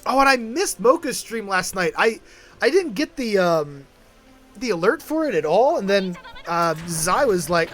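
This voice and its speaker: Lively, chatty game streamer on headset. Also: medium pitch, normal speed. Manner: reads game dialogue aloud, chatty asides. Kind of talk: casual game commentary.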